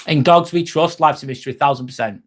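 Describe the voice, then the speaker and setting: Speaking quickly with a fairly high pitch, a man runs a relaxed live-stream chat where he reads out viewers' comments. His advice is earnest, he tends to say things more than once, and he addresses people as mate.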